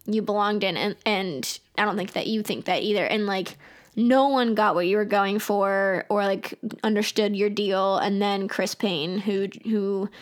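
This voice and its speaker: A woman's voice: medium pitch, steady tone, measured pace. Teasing young woman, jokey and sarcastic. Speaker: podcast co-host. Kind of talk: casual chat.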